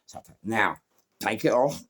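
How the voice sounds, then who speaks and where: A middle-aged man with a London accent, telling his life story in an animated, rambling way, full of street slang and acted-out quotes. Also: lowish voice, unhurried, breathy edge. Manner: acts out other people's lines, laughs at his own story.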